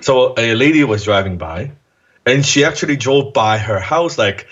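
A man with a husky, slightly breathy voice tells an animated story as an interview guest. He jumps into the voices of the people he quotes and drops the odd curse along the way. The recording sounds dull and lo-fi. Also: mid-range voice, normal speed. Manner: animated, acts out quoted voices, swears casually. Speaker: guest entrepreneur.

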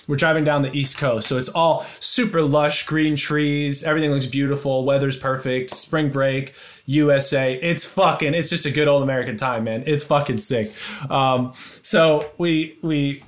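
A young man telling a wild story in casual chat, excitable and profane, with lots of restarts. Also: mid-range voice. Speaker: storyteller guest.

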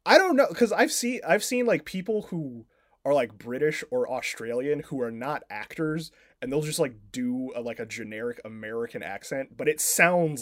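A man at a middle pitch talks through a film plot on a casual podcast, loose and rambling. He leans on filler words and curses freely. The sound is dry and close, with no room around it. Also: lively intonation, moderate pace, no room sound. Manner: rambling, full of "like" fillers and swearing. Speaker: podcast co-host.

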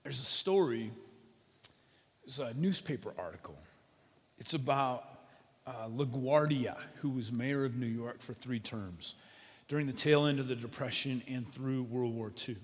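A male pastor preaching a sermon through a story, with dramatic swings between quiet and loud. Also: medium pitch, moderate pace. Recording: long hall reverb.

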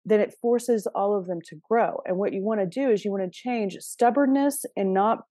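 A woman's voice: medium pitch, normal speed, dark tone, no room sound, studio quality. A woman giving a casual astrology reading, chatty and direct, often checking in with her listeners. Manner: chatty and direct, with frequent laughs and "okay?" check-ins.

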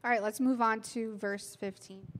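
A woman's voice: a little high, steady tone, normal speed. Candid woman preacher with a cold. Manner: candid, self-mocking storytelling with fillers. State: has a cold, clearing her throat. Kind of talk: sermon.

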